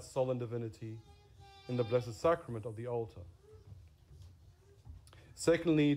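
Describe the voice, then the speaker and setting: A Catholic priest giving a sermon in an earnest way, stressing key words. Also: male voice, medium pitch, darkish tone.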